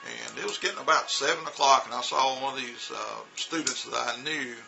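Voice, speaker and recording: Gravelly man telling a rambling story. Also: medium pitch, brisk, sharp tone, soft background music, rough recording. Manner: rambling, many fillers and restarts. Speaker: vlogger recounting teaching in China. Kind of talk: casual storytelling.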